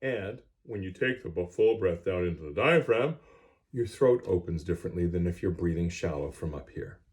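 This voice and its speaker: This band teacher, a middle-aged man, speaks to his music students in a deep, slightly mellow voice, animated and at a moderate pace. The class was recorded on a cell phone. He is plain-spoken and direct, focused on instruction.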